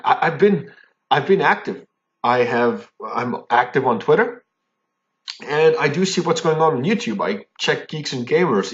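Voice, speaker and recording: A man's voice: medium pitch, dull audio. A man ranting angrily to his viewers, heated and indignant, stumbling over his words and tagging his points with "okay?". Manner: repeats and restarts when worked up. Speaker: fan commentary vlogger. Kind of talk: angry ranting monologue.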